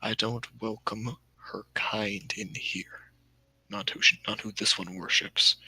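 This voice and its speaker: A suspicious dwarf craftsman growls short orders to leave his workshop, as a man puts him on. The voice sits low and husky with a bright, tense edge, close and dry. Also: fairly even intonation, dry recording, whispered, heavily acted, low-quality recording. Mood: hostile. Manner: curt, menacing, low and slow. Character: gruff male dwarf craftsman, hostile and suspicious.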